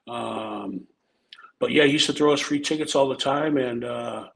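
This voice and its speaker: A man's voice: medium pitch, measured pace, gravelly, poor audio. A middle-aged man from Omaha, Nebraska, telling stories in a casual, laid-back way, swearing freely and tacking "man" onto his sentences. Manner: laid-back and profane, peppers talk with "man" and "um". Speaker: podcast guest storyteller, former wrestler. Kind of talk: casual storytelling.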